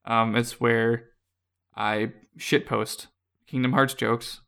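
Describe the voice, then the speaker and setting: A young man chatting loosely on a podcast, his voice sitting at an ordinary middle pitch. He rambles, trails off, restarts his sentences and laughs often as he talks. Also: takes it slowly, vocal fry, clear, resonant tone. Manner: rambling, relaxed, laughs often, many fillers. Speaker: podcast co-host. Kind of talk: casual podcast chat.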